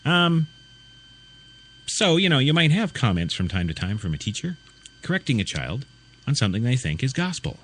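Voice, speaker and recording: A man's voice: medium pitch, big pitch swings, moderate pace, pauses often, fairly bright tone, a little hiss or hum. A man hosting a talk radio show, ranting in an indignant, sarcastic way full of rhetorical questions. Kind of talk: ranting opinion commentary.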